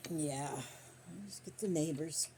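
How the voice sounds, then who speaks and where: An older woman talks on her quilting vlog, rambling and folksy with loose country grammar. Her voice sits a bit low. The recording is made on a phone on a stand, with a faint hiss of background noise. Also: slow. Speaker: quilting vlogger. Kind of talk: casual chat while sewing.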